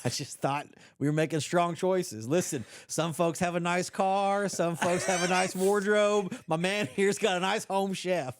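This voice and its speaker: A man's voice: high voice, measured pace, hardly any pauses, a little hiss or hum. A man in his thirties co-hosting a podcast, telling stories and jokes in a playful, laughing way. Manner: playful, laughing, retells jokes with quiet storytelling voice. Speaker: podcast co-host. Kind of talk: casual chat.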